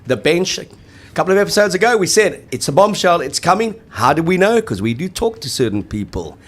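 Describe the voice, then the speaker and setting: A man co-hosting a rugby show, chatting in lively, jokey banter. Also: sits high, brisk. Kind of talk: casual sports chat.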